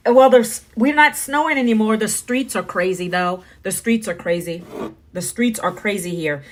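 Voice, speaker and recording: A woman's voice: mid-range voice, animated, normal speed. A middle-aged woman from the United States, talking bluntly and preachily to viewers on a phone live stream. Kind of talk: casual live-stream monologue.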